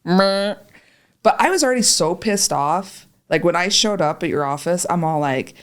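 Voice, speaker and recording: A woman spins a long, profanity-laced story, jumping into the voices of the people in it. Her voice sits a little low but swings widely in pitch as she goes. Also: unhurried, smooth. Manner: profane, animated, acts out voices in quotes. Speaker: podcast guest, patient. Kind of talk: casual storytelling chat.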